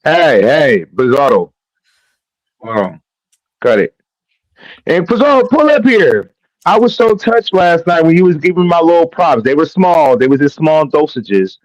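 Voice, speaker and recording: A man's voice: a little high, very animated, unhurried, no room sound, highs cut off. A man hosting a casual chat, hesitant and full of fillers, with a playful streak.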